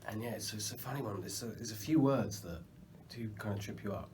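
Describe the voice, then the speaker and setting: A man, an actor answering a press interview question hesitantly with many pauses. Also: on the low side, noisy background. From England. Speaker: actor guest.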